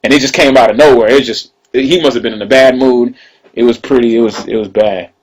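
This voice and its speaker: A man's voice: medium pitch, steady tone, a little fast, slightly rough, poor audio. A man, casually telling a personal story, loose and conversational, often tossing in "you know what I'm saying.".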